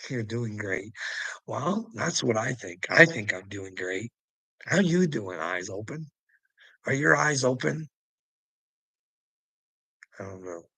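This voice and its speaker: A man with a gravelly, husky voice delivers a rambling, profanity-laden monologue straight to camera. His tone is tense and forceful, and the recording is dry and close. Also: mid-range voice, sing-song, slow pace, long pauses, no room sound. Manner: swears constantly, rambling and preachy. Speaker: vlogger.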